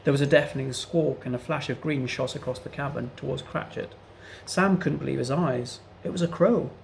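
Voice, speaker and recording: Male reader, children's book, gravelly, faint hiss underneath. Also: mid-range voice, fairly quick, low-quality recording. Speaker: storyteller. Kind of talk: children's book read-aloud.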